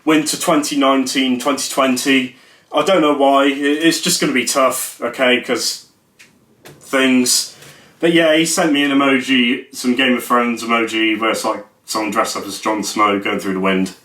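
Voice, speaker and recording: In an echoey room, a young man vlogs casually as a YouTuber, rambling, joking and mocking himself. He speaks at a moderate pace with medium pitch, fairly even intonation and a fairly bright tone.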